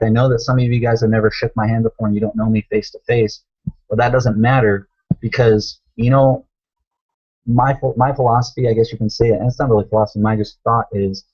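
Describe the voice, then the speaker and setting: A man's voice: mid-range voice, fairly even intonation, a little fast, a little mellow, breathy edge, lo-fi sound. A man coaching viewers on a live stream, talking emphatically, repeating himself and calling them guys. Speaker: online business coach. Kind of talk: motivational live stream talk.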